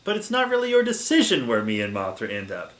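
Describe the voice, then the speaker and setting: A man's voice: mid-range voice, huge pitch swings, quick pace, fairly bright tone, voice pushed down. A man voicing an easygoing, friendly male giant lizard monster in a storybook reading. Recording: echoey room.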